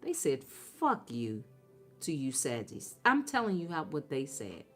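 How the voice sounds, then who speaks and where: A woman's voice: low-pitched, huge pitch swings, normal speed, fairly bright tone, faint music behind. A woman giving a blunt, profane tarot reading, talking straight to her viewers with heavy emphasis. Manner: talks straight to her audience. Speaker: tarot reader.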